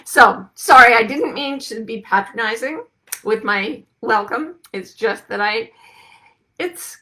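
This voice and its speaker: A woman's voice: fairly high pitch, bright, forceful tone. A middle-aged woman hosting, talking casually and playfully to an online audience and greeting listeners by name. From United States. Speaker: host.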